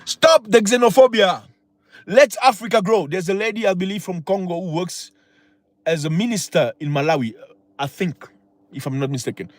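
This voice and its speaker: A man's voice: high voice, fairly quick, no echo. A man hosting a livestream, talking in an impassioned, preachy way with many rhetorical questions. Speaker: channel host. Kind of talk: livestream talk.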